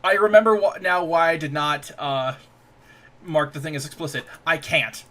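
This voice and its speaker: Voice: medium pitch, moderate pace, sharp tone. A podcast host in a casual chat, making crude jokes and laughing often.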